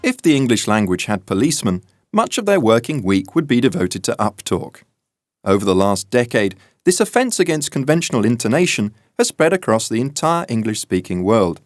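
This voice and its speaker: A man narrating a magazine audio feature in a measured, wry scripted manner. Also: medium pitch, dry recording, clean studio sound.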